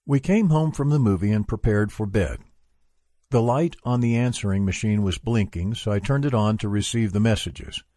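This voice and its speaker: A man reading a memoir aloud for a book club, at a measured, even pace. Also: lowish voice, dry recording, clean studio sound.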